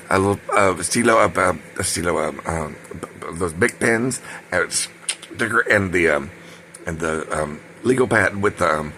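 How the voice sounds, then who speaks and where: A man's voice: on the low side, creaky, sharp tone, slight background noise. A man telling a personal story in a casual, rambling way, full of fillers and side remarks. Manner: rambling, digressive, many fillers and asides.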